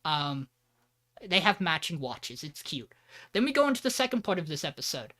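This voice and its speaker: Bright-voiced joking podcast man. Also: on the high side, sing-song, moderate pace. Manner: loose, joking, swears freely. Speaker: podcast co-host. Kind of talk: casual plot recap.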